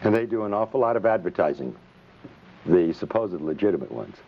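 A man's voice: low-pitched, very animated, brisk, gravelly, slight background noise. A man, a physician, giving an impassioned public speech full of indignant rhetorical questions and sarcasm. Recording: dull lo-fi recording.

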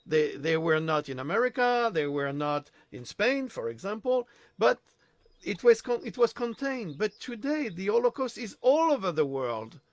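A man's voice: high voice, big pitch swings, normal speed, dry recording. A man speaking as a panelist, repeating himself and searching for words. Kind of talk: discussion monologue.

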